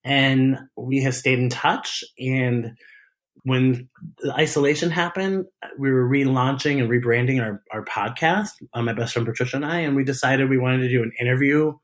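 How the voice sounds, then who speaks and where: A man talks as an interview guest in a relaxed, chatty way. He tells stories with lots of energy, laughs and giggles often, and restarts his sentences as he goes. His voice sits at an ordinary middle pitch. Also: normal speed. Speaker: guest, drag performer. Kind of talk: casual interview chat.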